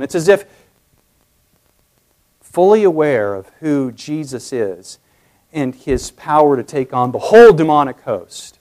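A man preaching an expository sermon, moving between quiet explanation and loud emphasis. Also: a little high, lively intonation, a little slow. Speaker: pastor.

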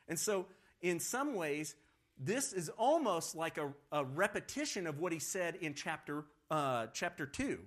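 A man teaching a Bible study lesson in a conversational, animated way, often correcting himself as he goes. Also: on the high side, slow.

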